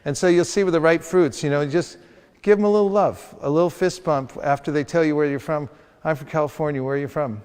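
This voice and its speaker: A man's voice: a little high, fairly quick, a little mellow, clear, resonant tone. A man leading a hands-on training session for a group, playfully acting out street encounters as he teaches. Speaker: sales trainer. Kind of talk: hands-on training talk with demonstrations. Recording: long reverb of a hall.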